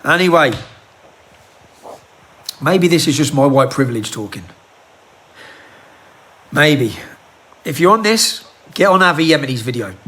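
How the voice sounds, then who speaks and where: A man's voice: a little high, animated, a little slow, pauses often, bright, forceful tone. A man, delivering a heated rant full of rhetorical questions into a handheld phone. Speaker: political commentator. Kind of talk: impassioned monologue to camera.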